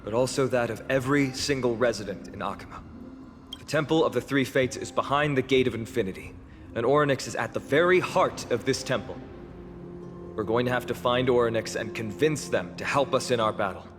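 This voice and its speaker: A man's voice: mid-range voice, fairly quick, natural voice. An actor voicing a determined young male hero in a video game, who talks in a resolute, upbeat way as he leads his companions on. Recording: reverberant game audio with loud music.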